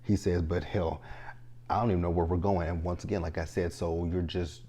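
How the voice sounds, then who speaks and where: A young man giving a casual, animated recap of a TV episode, talking straight to the characters in exasperation. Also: sits low, brisk, slight background noise. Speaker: TV show reviewer.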